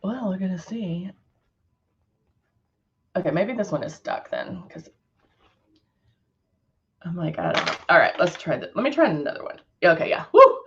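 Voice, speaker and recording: Chatty middle-aged woman, live makeup host, lively up-and-down voice, slightly dull lo-fi sound. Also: on the low side, moderate pace, pauses often, a little hiss or hum. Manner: chatty, laughs often, reads viewer comments aloud. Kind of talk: casual live makeup demo chat.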